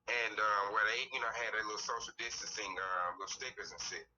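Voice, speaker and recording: Bright, distant man in his thirties. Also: lowish voice, steady tone, quick pace, soft background music. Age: 30s. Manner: rambling storytelling with frequent cursing. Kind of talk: casual chat. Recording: distant, thin lo-fi mic with faint hiss.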